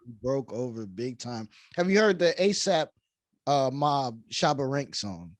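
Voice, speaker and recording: A man hosting a podcast, chatting in a relaxed, enthusiastic way. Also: medium pitch, measured pace, dry recording. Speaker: podcast host. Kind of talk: casual conversation.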